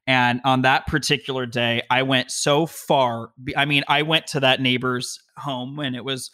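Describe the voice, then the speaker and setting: A man telling a long personal story from his home office, in an animated, heated way with quick bursts of speech. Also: mid-range voice. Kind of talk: conversational storytelling.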